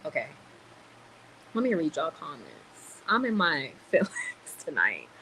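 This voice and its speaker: A woman's voice: sits low, wildly swooping pitch, measured pace, gravelly, sharp tone, slight background noise, poor audio. A woman venting on a livestream, annoyed and swearing as she tells a story. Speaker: livestream host. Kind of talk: ranting livestream chat.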